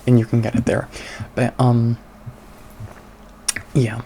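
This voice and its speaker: A young man chatting casually on his channel in a soft, hushed voice, sassy and irreverent, swearing freely. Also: mid-range voice, level tone, takes it slowly, vocal fry, background noise. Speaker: witchcraft content creator. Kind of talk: casual chat.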